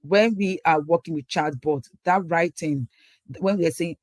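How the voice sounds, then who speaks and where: A woman giving an online technical lecture without a microphone, pausing often with ums and restarts. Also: low-pitched, steady tone, a little mellow, dry recording. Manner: hesitant, many ums and restarts. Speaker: guest lecturer. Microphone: no microphone, laptop mic.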